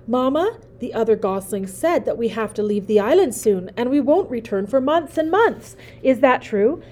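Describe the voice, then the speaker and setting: A woman's voice: a little high, expressive, moderate pace, darkish tone. A woman voicing an anxious young male gosling who asks childlike questions in a storybook reading.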